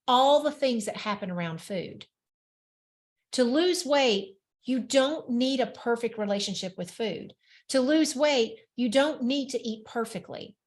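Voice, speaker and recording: Emphatic, frank woman podcast host. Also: on the high side. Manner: frank, emphatic, acts out inner voices. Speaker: podcast host and weight-loss coach. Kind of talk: solo podcast monologue.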